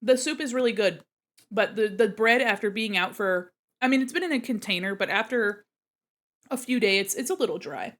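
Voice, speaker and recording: A woman's voice: medium pitch, lively intonation, brisk, fairly bright tone. Giggly young woman chatting with mouth full. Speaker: art streamer. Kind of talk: casual stream chat. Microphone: mic set away from her face.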